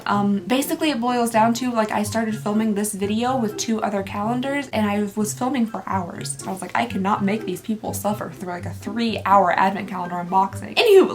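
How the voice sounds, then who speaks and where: A bubbly young woman talks quickly through a casual unboxing vlog. Her voice sits a little high and she rattles on in a chatty way, tossing off self-mocking asides. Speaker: beauty vlogger.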